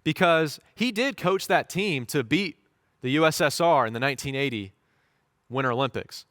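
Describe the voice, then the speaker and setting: Brief: male pastor, story-driven sermon, slightly high voice, dry sound. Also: animated, moderate pace, fairly bright tone, no room sound. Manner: storytelling, shifts into voiced quotes.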